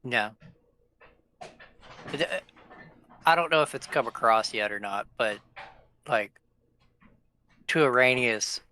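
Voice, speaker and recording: A man's voice: medium pitch, slow pace, pauses often, pushed and bright, a little hiss or hum. A man playing in a tabletop game, chatting casually with dry jokes. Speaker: player.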